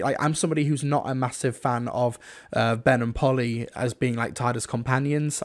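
Male reviewer, mid-range voice, relaxed chatty delivery peppered with fillers. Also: mid-range voice. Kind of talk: casual spoken review.

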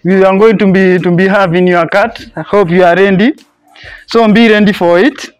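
A man's voice: high voice, steady tone, moderate pace, clear, resonant tone, dry recording, highs cut off. Bossy man as a strict teacher. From Kenya. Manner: bossy, repeats commands. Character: strict male schoolteacher. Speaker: comedian playing a teacher. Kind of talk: comedy skit.

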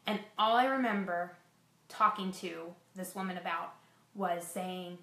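A woman's voice: lowish voice, measured pace, a bit bright, reverberant. A woman frankly recounting a frightening personal experience to her viewers, with self-deprecating asides. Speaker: fitness vlogger sharing a personal story. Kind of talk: candid personal storytelling.

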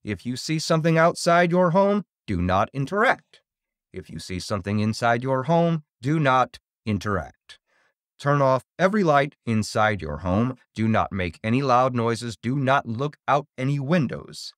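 A man's voice: mid-range voice, very animated, moderate pace, no echo, studio quality, close to an everyday voice. A man voicing a robotic emergency broadcast alert, giving stern, clipped orders. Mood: commanding.

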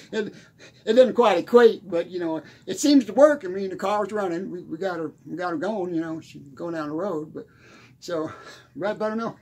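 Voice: mid-range voice, moderate pace, darkish tone, husky. A performer playing a forgetful, rambling country musician in an improvised comedy monologue, losing the thread and laughing at his own jokes. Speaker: comedy character.

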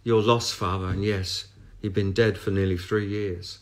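A man voicing a calm blind female medium who speaks softly and matter-of-factly. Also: low-pitched, normal speed, close to an everyday voice. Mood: gently grave. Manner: soft and matter-of-fact.

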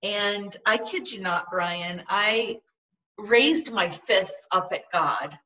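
A woman's voice: mid-range voice, takes it slowly, bright, forceful tone, distant mic, low-quality recording. A woman guest in an interview, telling a personal story in an earnest, vivid way. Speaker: podcast guest.

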